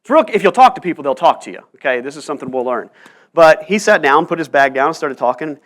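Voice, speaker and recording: A man's voice: on the high side, lively intonation, fast. A male pastor preaching a sermon in church, telling stories earnestly and pressing rhetorical questions. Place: church sanctuary.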